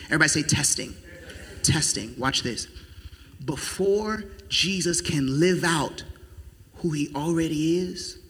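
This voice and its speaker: A male preacher giving an emphatic sermon in a large church, rising to shouts and calling on the congregation. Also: fairly high pitch. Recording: echoey hall.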